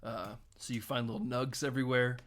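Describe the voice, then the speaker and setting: A man's voice: medium pitch, flat delivery, brisk, fairly bright tone. A man co-hosting a film podcast, recapping scenes in casual chat, laughing often and acting out lines in put-on voices. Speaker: podcast co-host.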